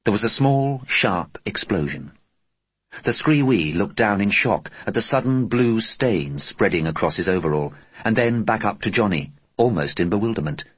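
A man narrating an audiobook with deliberate, expressive storytelling. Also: lowish voice, husky, no echo.

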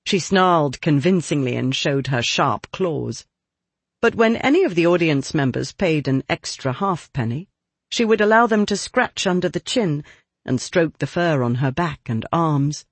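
A man reading a novel aloud as narrator, with expressive, lively storytelling. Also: fairly high pitch, unhurried, breathy edge, no room sound. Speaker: audiobook narrator. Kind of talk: scripted narration.

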